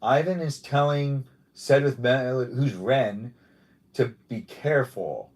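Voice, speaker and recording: A man's voice: medium pitch, slow, darkish tone. A man hosting a casual livestream, rambling playfully and repeating his own phrases as he chats with viewers and guests. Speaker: livestream host.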